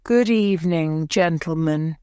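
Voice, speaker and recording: A woman's voice: sits low, measured pace, dark tone, clean tone, dry recording, studio quality. A woman voicing a bold, mocking masked male hero in an audiobook, taunting his foes. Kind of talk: audiobook character voice.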